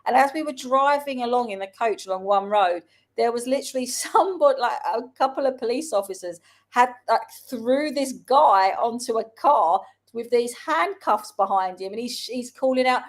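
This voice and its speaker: London woman yakking away on a chat show, higher voice, full of stories. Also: normal speed. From South London, England. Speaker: co-host. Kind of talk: casual chat.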